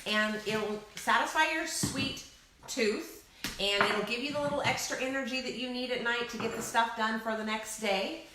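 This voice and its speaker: A woman's voice: on the high side, normal speed. A woman co-hosting a casual live cooking stream from a home kitchen, talking chattily and directly to her viewers. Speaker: co-host of a cooking livestream. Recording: echoey room with steady noise.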